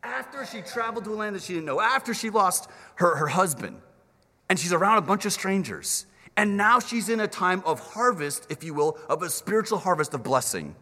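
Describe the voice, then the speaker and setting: Animated male preacher in a reverberant hall. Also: high-pitched, brisk. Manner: animated, acts out the characters in voices. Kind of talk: sermon.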